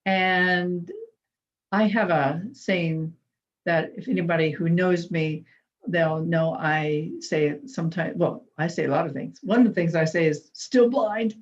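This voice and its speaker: A woman's voice: on the low side, a little slow, lo-fi sound. A woman giving a conversational inspirational talk, a chatty and humorous storyteller. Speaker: inspirational speaker at a spiritual center.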